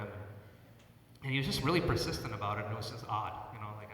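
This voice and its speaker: Man giving a halting eulogy in an echoey church. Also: fairly low pitch, animated, fairly bright tone, slight background noise. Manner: halting, often repeats words; personal storytelling. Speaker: eulogist, son of the deceased; church worship leader. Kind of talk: funeral eulogy. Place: church sanctuary. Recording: echoey church hall from far off.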